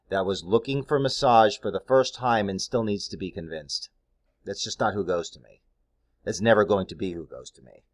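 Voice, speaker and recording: A middle-aged man, a massage therapist, giving casual, candid advice in a blunt, conversational way with plenty of fillers. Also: fairly low pitch.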